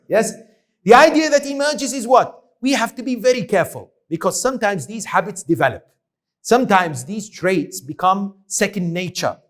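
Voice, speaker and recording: A man's voice: sits high, lively intonation, normal speed. A man preaching an Islamic lecture, reciting Arabic verses and often checking in with rhetorical questions to his listeners. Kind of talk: religious lecture.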